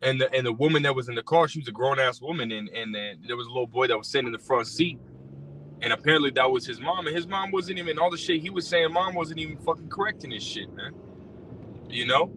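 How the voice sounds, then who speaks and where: A man's voice: medium pitch, quick pace, pushed and bright. Profane preaching man ranting in a car. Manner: blunt, profane, heavy use of fillers. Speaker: rideshare driver. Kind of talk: casual religious rant. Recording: distant mic with faint car noise.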